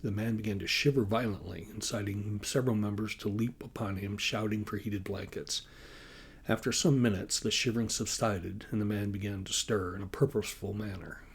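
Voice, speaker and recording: A man, the author, reading his science fiction novel aloud as audiobook narration, in a measured, even way. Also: fairly low pitch, slight background noise.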